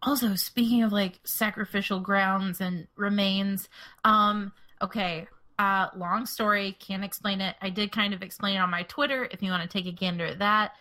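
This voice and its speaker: A woman's voice: mid-range voice, fairly even intonation, moderate pace, pushed and bright. A woman co-hosting a podcast in casual chat, giggly and full of "like". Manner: chatty, giggly, lots of "like". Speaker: podcast co-host.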